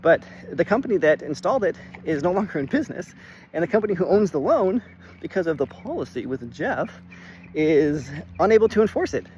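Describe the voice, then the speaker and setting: A man talks through a real estate story in a casual vlog. He is animated, says "like" often, and swears freely. His voice sits a little high, with faint background noise. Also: fairly quick. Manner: animated, swears when worked up, lots of "like".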